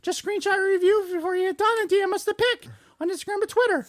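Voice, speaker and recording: A woman's voice: extremely high pitch, quick pace, no room sound, studio quality. A woman co-hosting a podcast, doing a silly, giggly sponsor read in a put-on voice. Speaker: podcast co-host.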